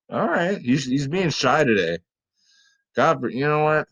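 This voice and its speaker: A man hosts a casual fantasy sports picks show, his fairly high voice sing-song, unhurried, gravelly, husky, and a bit bright on a rough recording. Chatty and loose, he swears freely and addresses his viewers as "guys" while giving lineup advice.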